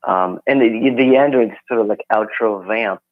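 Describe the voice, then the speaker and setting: A man with a lowish voice speaks through a narrow, tinny phone line. He is a guest musician chatting in a relaxed, rambling way, and the sound is dry and close. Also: normal speed, no room sound. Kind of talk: casual phone interview. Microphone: phone call.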